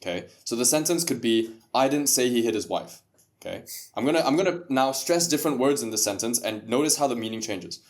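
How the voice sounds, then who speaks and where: Guy on a podcast breaking stuff down, mid pitch, punches certain words. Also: animated, fairly quick. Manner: explanatory, stresses words to make a point. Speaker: guest. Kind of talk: casual podcast conversation.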